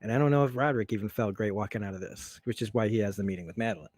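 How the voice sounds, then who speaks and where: A man's voice: on the low side, rapid-fire, darkish tone, no room sound. A man in a rambling, stream-of-consciousness TV recap, talking enthusiastically with frequent laughs. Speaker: host. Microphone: streaming setup mic.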